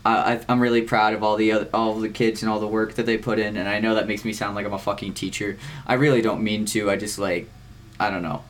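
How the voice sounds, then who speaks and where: A teenage boy co-hosting a podcast, rambling through his week in casual chat, swearing often and filling pauses with "um" and "like.". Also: lowish voice, little pitch movement. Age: teens. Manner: rambling, swears a lot, many fillers. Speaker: podcast co-host.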